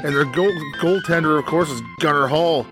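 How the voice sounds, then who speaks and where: Deadpan, teasing Canadian man, a bit high-pitched. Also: normal speed, music in the background. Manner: dry teasing jokes, deadpan list reading. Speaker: podcast co-host. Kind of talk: casual gaming podcast chat.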